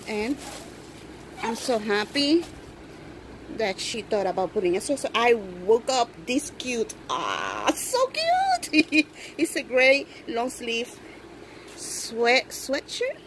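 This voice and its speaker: A woman filming an unboxing vlog at home, gushing with excitement and cooing as she talks. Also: a little high, takes it slowly, a little hiss or hum, rough recording. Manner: gushing, excited, coos over the doll. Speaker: reborn doll collector vlogger. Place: indoors at home.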